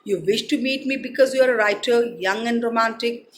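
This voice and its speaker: A woman's voice: fairly high pitch, steady tone, fairly quick, close to an everyday voice. A woman reading the lines of a fat, middle-aged secret agent in a plain voice. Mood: wry. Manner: reads the quoted lines plainly, barely acted.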